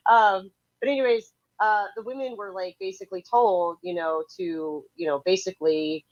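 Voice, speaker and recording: A woman's voice: medium pitch, normal speed, darkish tone, lo-fi sound. A woman co-hosting a podcast, rambling and stammering as she argues and asks questions. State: cold. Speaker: podcast co-host. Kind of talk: casual debate chat.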